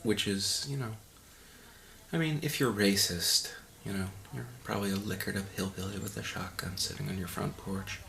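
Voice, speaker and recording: A man's voice: fairly low pitch, fairly even intonation, normal speed, gravelly, pushed and bright, a little hiss or hum. A man giving a mock audio commentary in a pompous, condescending, rambling way. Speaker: commentary host.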